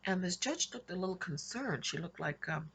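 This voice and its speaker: A woman's voice: lowish voice, animated, normal speed, creaky, a bit bright, slight background noise. A woman casually recounting her dreams in a rambling way, with frequent restarts and little laughs. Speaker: Christian vlogger recounting dreams. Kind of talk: casual spoken storytelling.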